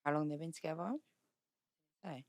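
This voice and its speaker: A woman's voice: deep voice, steady tone, moderate pace, darkish tone. A woman chatting casually on a podcast, blunt and candid, swearing freely as she talks about dating.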